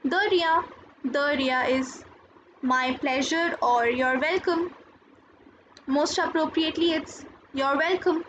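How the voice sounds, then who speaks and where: A high-voiced woman teaching a recorded lesson at an unhurried, patient pace. She explains each word and says it again. The sound is dull and lo-fi, with faint noise behind her. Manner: slow, careful, explains each word and repeats it. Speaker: French teacher.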